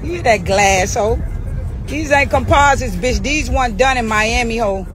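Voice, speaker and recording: A middle-aged social media personality goes on a heated, foul-mouthed livestream rant, taunting her target and sliding into sing-song mockery. Her voice is a little high and a little slow, with soft music behind her.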